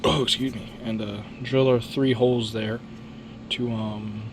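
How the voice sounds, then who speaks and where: A man's voice: mid-range voice, little pitch movement, unhurried, background noise. A man talking casually while he works on a model plane in his home workshop, rambling and offhand, with slang and swearing. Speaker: hobbyist building a model plane.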